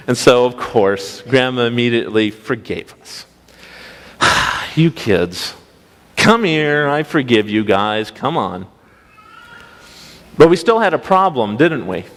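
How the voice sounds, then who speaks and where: A young preacher tells a homespun story from the pulpit, folksy and anecdotal, turning to the congregation with rhetorical questions. His mid-pitched voice carries a long church reverb. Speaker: pastoral intern. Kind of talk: storytelling sermon. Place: church sanctuary.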